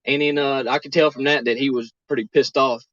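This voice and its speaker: A man's voice: mid-range voice, steady tone, brisk, a bit bright, no room sound, lightly acted. A man playing a crude rural male farmer who talks in a matter-of-fact way, heard from a dull clip.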